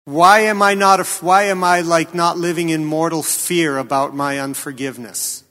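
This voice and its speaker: A man preaching a sermon, earnest and questioning, with a slow, emphatic delivery. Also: on the high side, fairly even intonation, bright, forceful tone. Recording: long hall reverb.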